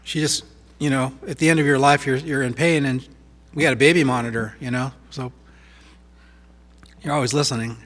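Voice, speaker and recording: A man speaking as pastor in a church, sharing memories softly and reflectively, with many fillers. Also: mid-range voice, fairly even intonation, fairly quick. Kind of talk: eulogy-style sharing from the pulpit. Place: church sanctuary. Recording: live church stream with music behind. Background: guitar playing.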